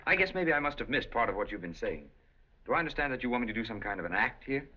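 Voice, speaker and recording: A cornered, penniless gambler. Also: male voice, medium pitch, very animated, fast talker, sharp tone, slight background noise. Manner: polite, flustered, wryly evasive. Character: broke charming young American gambler, cornered but polite. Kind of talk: 1930s film acting. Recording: dull old film soundtrack.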